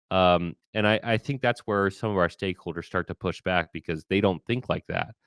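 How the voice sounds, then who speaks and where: A man hosting a podcast interview, talking in an animated, emphatic way with frequent restarts. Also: sits low, brisk, few pauses, no echo, clean studio sound. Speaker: podcast host. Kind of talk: conversational interview.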